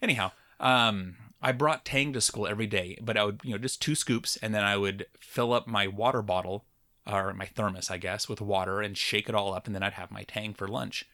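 Bright-voiced man telling a story. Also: lowish voice, a little fast, no echo. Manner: rambling storyteller with fillers and restarts. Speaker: podcast co-host. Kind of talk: casual chat, storytelling.

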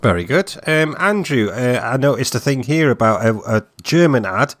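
A man's voice: medium pitch, sing-song, moderate pace. A man hosting a casual podcast, friendly and rambling as he runs the segments. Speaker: podcast host.

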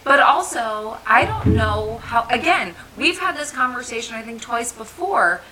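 A woman's voice: on the high side, lively intonation, measured pace, noisy background. A woman in her thirties from New Jersey, chatting and telling stories on a podcast, laughing often. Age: 30s. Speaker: podcast co-host. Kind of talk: casual chat.

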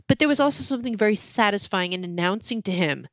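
A woman's voice: medium pitch, expressive, fast talker, fairly bright tone, no echo. Middle-aged woman, candid author guest, self-mocking storyteller, mid-range voice, dry close sound. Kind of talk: casual interview chat.

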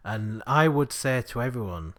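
A man's voice: mid-range voice, expressive, normal speed, fairly bright tone. A man with a Yorkshire accent hosting a casual, enthusiastic chat and laughing often. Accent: Yorkshire English. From Yorkshire, England. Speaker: podcast host.

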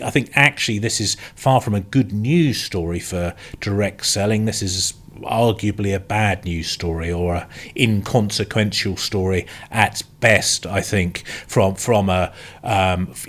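A man from the UK on a podcast panel, giving opinionated analysis in a halting way with many restarts. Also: on the low side. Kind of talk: casual panel discussion.

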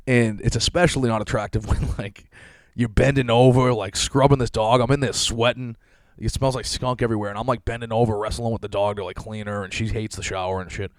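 A man's voice: fairly low pitch, fairly even intonation, a little fast, dry recording. A man in his thirties hosting a casual solo podcast, telling a rambling, self-deprecating story full of swearing and frequent laughs. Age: 30s. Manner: laughs often while telling stories. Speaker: podcast host.

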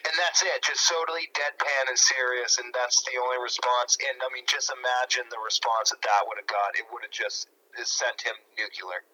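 A man with a bright, tense, forceful voice joins a casual political talk. He is brash and mocking and laughs through his own jokes. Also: mid-range voice, steady tone, moderate pace, hardly any pauses, rough recording.

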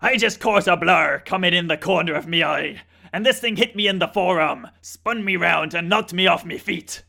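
A man voicing a gruff older Australian fisherman in a broad, loud drawl, with an Australian accent. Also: high voice, normal speed, few pauses, heavily acted. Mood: startled.

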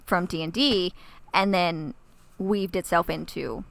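A woman's voice: on the low side, slow, gravelly, a bit bright, dry recording. A woman co-hosting a podcast, chatting casually and gushing with enthusiasm. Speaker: podcast co-host. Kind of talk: casual chat.

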